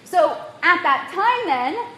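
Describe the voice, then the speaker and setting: High-voiced woman lecturing in an echoey room. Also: takes it slowly. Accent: non-native accent. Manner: animated, quizzes the audience, frequent "right?". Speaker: workshop presenter. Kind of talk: lively lecture to a live audience. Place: room in Bali. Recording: echoey room, faint room noise.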